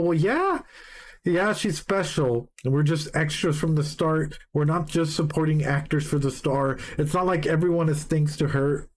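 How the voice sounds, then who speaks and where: Excitable male streamer reading lyrics. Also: fairly high pitch, moderate pace. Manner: excitable, swears, greets chat members mid-sentence. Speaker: streamer reacting live. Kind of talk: live reaction stream, reading lyrics aloud and chatting with viewers.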